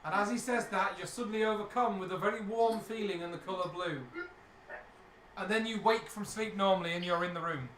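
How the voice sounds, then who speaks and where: A man narrating a tabletop game as dungeon master, explaining rules and describing scenes in a relaxed way. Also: high voice, fairly quick. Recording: echoey room, mic from some distance, faint noise.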